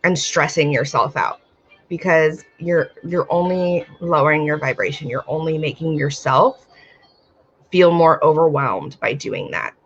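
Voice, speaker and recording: At home, a woman hosts a casual live video stream of oracle card readings, warmly calling her viewers "my dear" and "my love." Her low voice is a little slow and the sound is lo-fi, and she is battling allergies with itchy eyes and sneezing.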